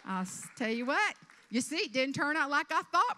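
Lively Southern woman telling funny stories. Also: high voice, moderate pace, long reverb tail, a little hiss or hum. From South Carolina. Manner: animated storytelling with character voices. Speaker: motivational speaker. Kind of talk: humorous keynote speech. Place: event stage before an audience.

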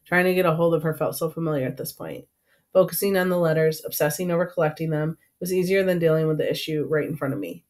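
A woman's voice: sits low, fast, darkish tone. A woman narrating an audiobook in first person with an earnest, emotional delivery.

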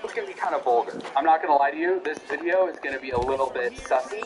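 A man's voice: a little high, very fast, few pauses, low-quality recording. A man giving joking, rambling, sarcastic commentary as he streams a game. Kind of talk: gaming commentary. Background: music.

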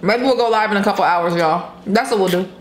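A woman's voice: mid-range voice, fast talker, slight background noise. A woman vlogger in casual chat, laid-back and cussing freely. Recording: echoey room with music behind.

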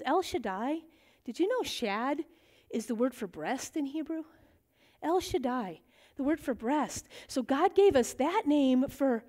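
Animated woman teaching a bible study. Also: sits high, moderate pace. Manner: animated, acts out quoted voices.

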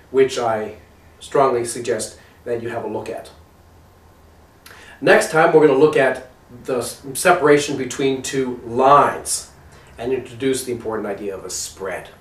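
Guy walking through a math lecture, steady explaining voice, kinda far from the mic. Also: mid-range voice. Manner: measured, explanatory. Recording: echoey room, voice from off mic.

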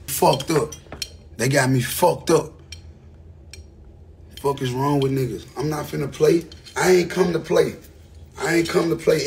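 A rapper in his thirties from Memphis, Tennessee, rants angrily and profanely to the camera in a Southern accent, hammering home repeated phrases. His voice is on the high side and creaky, with a little hiss or hum in the recording.

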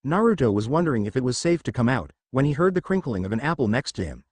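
A man narrating a fan fiction story in an expressive reading style. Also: mid-range voice, fast, dry recording.

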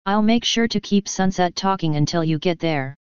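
A woman reading the part of a hurried female pony princess, urgent and firm. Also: fairly low pitch, clear, resonant tone, no echo, dull audio, lightly acted.

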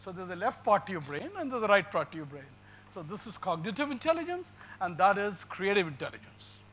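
Brief: middle-aged Indian English man, high bright voice, punchy motivational speaker with rhetorical questions. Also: sing-song, brisk, poor audio. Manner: emphatic, rhetorical questions, switches into Hindi. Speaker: guest speaker. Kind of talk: motivational talk to students. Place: lecture hall.

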